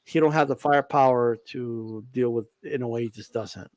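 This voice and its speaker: A man co-hosting a casual boxing chat, joking and animated, often tossing in "you know what I mean". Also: medium pitch, moderate pace, no echo. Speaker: boxing podcast co-host.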